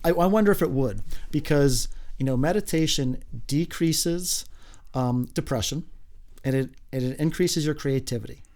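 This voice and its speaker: A middle-aged man, a gym teacher, talking in a casual podcast chat, upbeat and emphatic, often rising high when excited. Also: normal speed.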